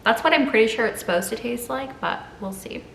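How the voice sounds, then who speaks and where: A bubbly young woman from Quebec chats her way through a home cooking vlog. Her voice is bright and clear, and the kitchen around her rings with echo. Faint sizzling sounds from a pan come through behind her. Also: fairly high pitch, fairly quick, slight background noise. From Quebec, Canada. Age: 20s. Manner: chatty, bubbly, self-deprecating asides. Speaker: food vlogger. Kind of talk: casual vlog narration.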